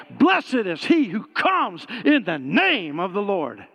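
A man preaching a sermon, telling a story with animated swings and rising to shouted praise. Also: high-pitched, measured pace, vocal fry, hardly any pauses, breathy edge, long reverb tail. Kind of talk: sermon testimony.

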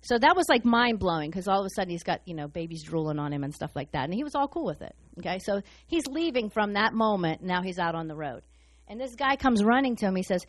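A woman preaching a sermon in a fast, excited, humorous way. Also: mid-range voice, dry recording.

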